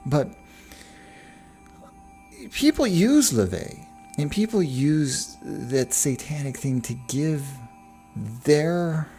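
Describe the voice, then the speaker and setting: A man's voice: a little high, very animated, very slow, long pauses, mellow, faint music behind. A man hosting a podcast, talking in a rambling, digressive way with frequent restarts. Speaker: podcast host. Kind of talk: casual monologue.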